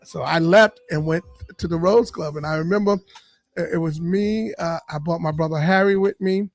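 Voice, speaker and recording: Man from Boston, comedian guest, high voice, lively storytelling, punchline delivery. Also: moderate pace, soft background music. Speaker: comedian and radio personality, guest. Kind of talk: storytelling in a casual interview.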